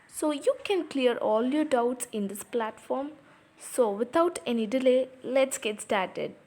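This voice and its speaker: A woman's voice: sits high, expressive, a little slow, darkish tone. A woman teaching a lesson on poetry, explaining patiently and repeating example words aloud, in English with non-native grammar.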